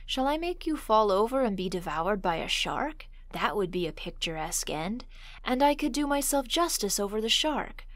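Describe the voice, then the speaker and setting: A woman voicing a dry, practical young male traveler in a storybook reading, wry and measured. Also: medium pitch, sing-song, no echo, natural voice.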